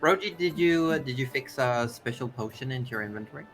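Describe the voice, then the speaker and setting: A man narrating a tabletop game as its game master, mid-pitched and easygoing, his sentences loose and dotted with fillers. Faint music plays beneath his voice. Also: animated, quick pace, a bit bright. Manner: loose and casual, lots of "like" and fillers.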